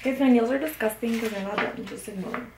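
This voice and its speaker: Here a young woman with a cold sniffles through a casual unboxing of an album, talking to the camera. She is excitable and gushing, frequently confused, with abrupt squeals and gasps. Her voice is fairly high and quick, recorded in an echoey room with faint noise behind her.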